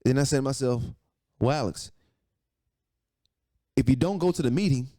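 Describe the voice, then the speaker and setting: A man in his thirties telling a personal story in casual chat, animated and profane, repeating phrases for emphasis. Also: medium pitch, moderate pace. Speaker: podcast guest, entrepreneur.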